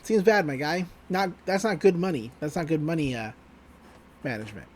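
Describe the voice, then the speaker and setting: A man with a fairly high voice talks through an anime episode in an easygoing, chatty podcast recap. He jokes, swears casually and laughs as he goes. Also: sing-song, normal speed, slight background noise. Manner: loose, joking retelling with laughs and swearing. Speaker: podcast co-host.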